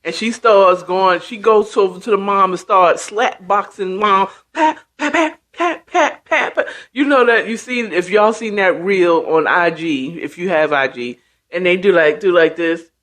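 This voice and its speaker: A woman hosting a casual story recap, chatty and profane in an unhurried way. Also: on the low side, a bit bright. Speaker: host.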